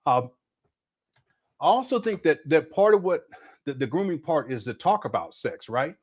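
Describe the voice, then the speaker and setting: A middle-aged man hosting a livestream, reacting to a clip with frequent laughter and chatting to viewers. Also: on the high side. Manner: laughs a lot, talks to chat viewers. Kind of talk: casual reaction commentary.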